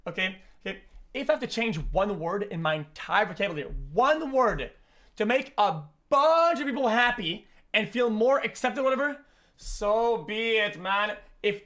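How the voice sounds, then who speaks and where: A young man streaming, reacting loudly with lots of swearing, repeated words and stumbles. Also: high-pitched. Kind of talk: profane reaction commentary.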